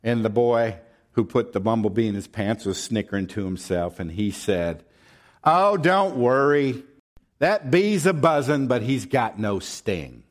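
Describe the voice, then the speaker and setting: A man's voice: medium pitch, expressive, unhurried, close to an everyday voice. A male pastor slipping into a Southern US accent to tell a folksy schoolboy story in his sermon. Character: folksy Southern storyteller, a preacher's drawling yarn voice.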